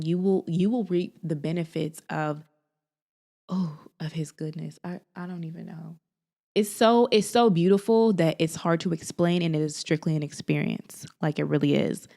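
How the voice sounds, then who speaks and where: Woman vlogger, low-ish voice, animated and sisterly, encouraging faith talk. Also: gravelly. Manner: animated, sassy, sisterly, lots of laughs. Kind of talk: casual encouraging talk to camera.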